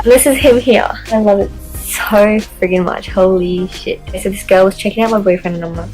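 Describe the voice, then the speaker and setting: A woman's voice: mid-range voice, brisk, vocal fry, few pauses, darkish tone, faint music behind, rough recording. A young woman vlogging to camera, telling a story in a chatty way, swearing often and saying "like" constantly.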